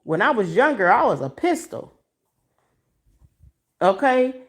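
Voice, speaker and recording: A woman from Michigan hosting a casual livestream from home, talking to viewers on a phone she holds as she walks around, emotional and expressive with a preachy streak. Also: a little high, measured pace. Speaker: livestream host. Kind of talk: casual livestream commentary to a chat. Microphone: phone held in hand.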